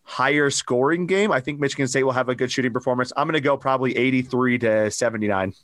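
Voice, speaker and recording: Fast-talking man in casual sports chat. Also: medium pitch, fairly bright tone, no echo, studio quality. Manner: fast, rueful storytelling. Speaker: podcast host.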